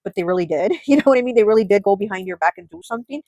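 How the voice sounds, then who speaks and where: A woman giving a pick-a-card tarot reading, musing aloud with frequent surprised exclamations and often sinking to a soft murmur. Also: medium pitch, lively intonation, rapid-fire, no room sound, low-quality recording. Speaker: tarot reader.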